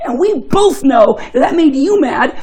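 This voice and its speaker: A man's voice: very high voice, expressive, moderate pace, darkish tone, low-quality recording. A young man giving a casual, joking sermon, telling chatty stories and often laughing. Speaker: preacher.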